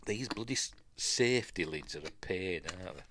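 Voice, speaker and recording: A man's voice: low voice, expressive, fairly quick, noisy background. A man with a Yorkshire accent hosting a casual live stream, rambling as he reads news and chat comments aloud and adds his own asides. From Yorkshire, England.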